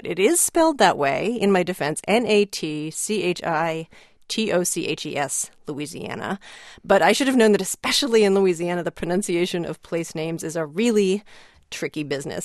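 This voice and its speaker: A woman's voice: on the low side, dry recording, studio quality. A woman hosting a conversational radio news segment, chatty and self-deprecating.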